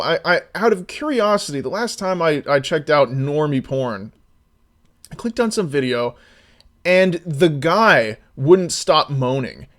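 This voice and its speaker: A man with a fairly high-pitched voice talks casually on a live stream. He rambles with many restarts and sometimes gets loud and exasperated.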